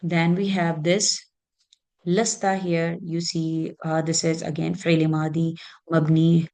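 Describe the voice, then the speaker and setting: A woman teaching an Arabic grammar lesson, explaining slowly and patiently with many fillers. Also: low-pitched, level tone, mellow.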